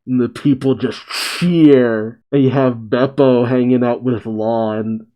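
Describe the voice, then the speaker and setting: Male reaction host, mellow voice, reads comic panels aloud and laughs a lot. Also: medium pitch, steady tone, slow pace, low-quality recording. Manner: reads aloud, acts the characters, laughs often. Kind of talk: reading a comic aloud with commentary.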